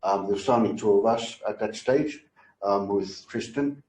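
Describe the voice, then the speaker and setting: A man in a class, talking hesitantly about his earlier studies with many pauses. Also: on the low side, a little mellow. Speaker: student. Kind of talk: casual class discussion. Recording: roomy echo.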